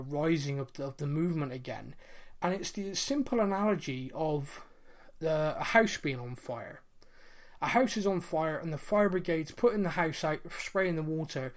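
A man in his late thirties, co-hosting a podcast and telling a personal story in an earnest, reflective way, with many fillers and restarts. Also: sits high. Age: 30s. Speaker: podcast co-host. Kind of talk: casual podcast chat.

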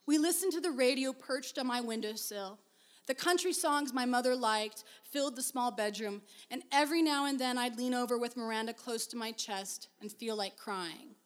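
A woman with a high voice reading a story aloud. Her delivery is measured and expressive, and she takes her time over the narration. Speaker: reader.

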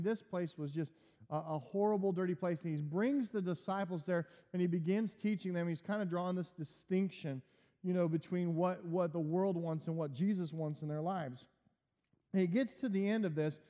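A man preaching a sermon, explaining a scripture verse step by step and building to emphatic high points. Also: warm tone. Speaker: pastor. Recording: long reverb, dull lo-fi sound.

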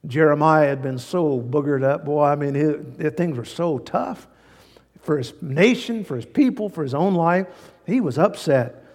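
A man's voice: a little high, normal speed, darkish tone, long reverb tail. A male pastor preaching a sermon in a folksy, fervent way, repeating key phrases for emphasis.

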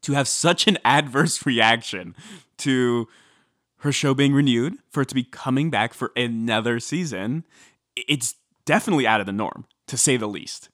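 A man co-hosting a podcast, giving measured, wry explanations in casual celebrity gossip chat. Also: mid-range voice, fairly bright tone, dry recording, clean studio sound. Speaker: podcast co-host.

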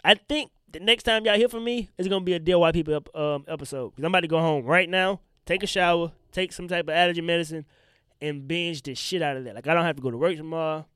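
A man's voice: on the high side, quick pace, clean tone, dry recording, clean studio sound. A young man with a congested voice and a tiring throat, hosting a casual solo podcast and talking to listeners in loose slang. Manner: loose, slangy and animated, addressing listeners directly. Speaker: podcast host.

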